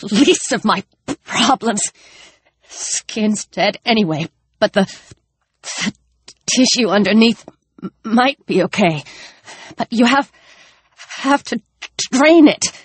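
A woman's voice: fairly high pitch, expressive, slow, long pauses, slightly rough, dry recording, voice pushed up, exaggerated voice. Breathless stammering hurt guy as a lady reader puts him on, pleading, raised voice, dry close sound. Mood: desperate. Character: wounded feverish young man, desperate and gasping.

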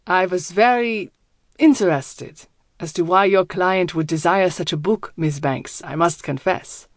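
A formal, courteous German professor with a deep voice, as a woman narrator puts him on. He speaks in careful, polite phrases, recorded close and dry for an audiobook. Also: a little slow, no echo.

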